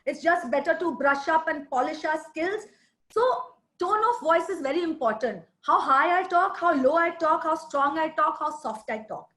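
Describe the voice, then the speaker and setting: A woman trainer with a very high, bright voice, running an online sales session over a video call. She talks emphatically, stresses key words and keeps prodding her listeners to answer. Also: moderate pace. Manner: lively, emphatic, coaxing the audience. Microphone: video call mic.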